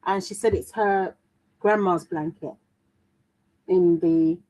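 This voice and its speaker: Heard through a rough recording, this adult woman from the UK has a fairly low, dark voice with fairly even intonation and a slow pace. A mother of a daughter, she hosts a crafting livestream, chatting casually and reading viewer comments with frequent fillers and restarts.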